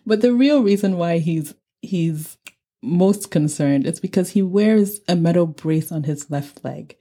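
Low, mellow-voiced woman podcast host. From Nigeria. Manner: measured, thoughtful, laughs lightly. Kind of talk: explanatory book-review talk.

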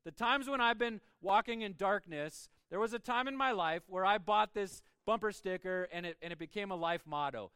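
High-pitched guy pastor preaching, gets loud then soft, smooth tone, dry sound. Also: moderate pace, hardly any pauses, dry recording. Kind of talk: sermon.

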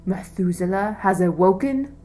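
A woman voicing a male cursed beast king with a deep, raspy, growling voice in a storybook reading. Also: normal speed, dark tone, soft background music, natural voice. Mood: demanding. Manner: growling, demanding.

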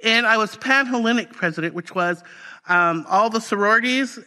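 A woman's voice: fairly high pitch, normal speed. A woman pastor preaching a personal testimony in a conversational, storytelling way. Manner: conversational, animated storytelling with fillers.

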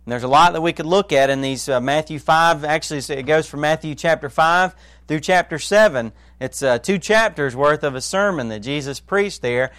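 Pastor, man, high voice, dry close sound; earnest sermon, hushed to emphatic, asks the listeners questions. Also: smooth, no room sound.

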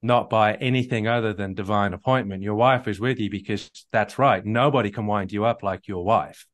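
Low-voiced man coaching on a call. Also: moderate pace. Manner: earnest, repetitive restarts, storytelling. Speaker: marriage coach.

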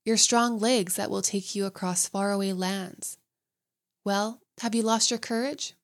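A woman's voice: medium pitch, steady tone, measured pace, close to an everyday voice. A woman voicing a scheming, mocking female sea witch who makes an ominous bargain in a storybook reading. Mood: warning.

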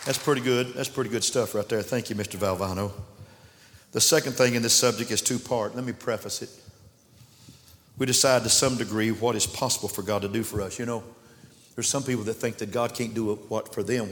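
A man preaching a sermon in a church, impassioned, swinging between shouts and hushed asides. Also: fairly low pitch, steady tone, fairly quick, slight background noise. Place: church sanctuary. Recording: long church reverb.

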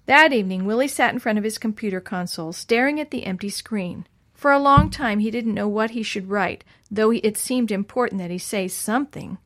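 A woman's voice: mid-range voice, fairly quick, fairly bright tone. Woman reading a children's story aloud. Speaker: narrator.

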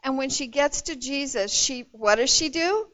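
A woman retelling a Bible story in a sermon, expressive and storytelling, with casual asides to her listeners. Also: high voice, moderate pace. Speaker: Bible teacher. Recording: dull lo-fi recording.

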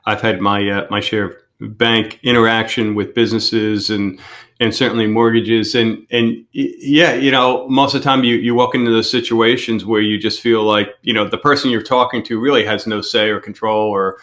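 A man's voice: lowish voice, steady tone, moderate pace, a bit bright. A man hosting a local business podcast, chatting casually and upbeat with his guest. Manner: upbeat, chatty, laughs easily. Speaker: podcast host. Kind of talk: casual interview chat.

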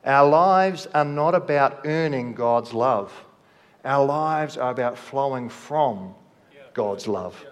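A man preaching a sermon, slow and measured, letting his voice drop softly at the ends of phrases. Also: medium pitch, expressive. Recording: long hall reverb.

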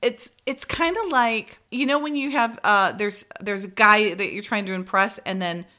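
A woman's voice: mid-range voice, moderate pace. A woman co-hosting a podcast, chatting through an episode recap with lots of laughs and fillers. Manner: animated, giggly, many fillers. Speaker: podcast co-host.

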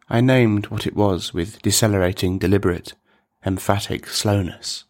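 In a low, deadpan voice, a man narrates a scripted dark comic story at a measured pace.

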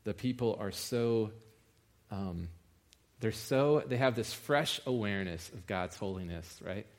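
A man preaching a sermon in a conversational way, rising in pitch and force for emphasis. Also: measured pace.

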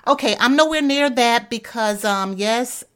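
A woman's voice: on the high side, measured pace, fairly bright tone, clear, resonant tone. Enthusiastic woman podcast co-host. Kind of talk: casual podcast chat.

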